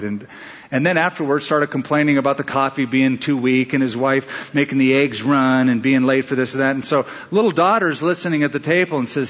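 In a conversational sermon, a male pastor fires rhetorical questions at his listeners and acts out little asides. His medium-pitched voice is steady, brisk, and fairly bright, and the recording sounds dull with a long hall reverb.

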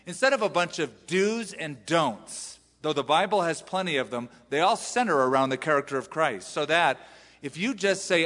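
American man, pastor, conversational sermon, bright voice, long hall reverb. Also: on the high side, lively intonation, moderate pace. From US West Coast. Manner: conversational, self-deprecating, with restarts. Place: large church hall.

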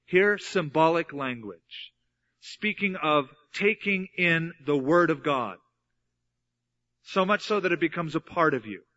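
A pastor gives earnest, explanatory Bible teaching in a sermon, driving his points home with emphatic repetition. His slightly high voice has a bright, forward edge, animated and a little slow. The recording is dull and lo-fi.

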